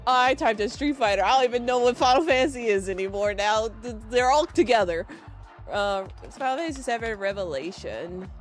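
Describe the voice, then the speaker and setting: A young woman streaming live, teary and excitable, rambling and giggling as she reacts. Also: a little high, fairly quick, faint music behind. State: teary from crying.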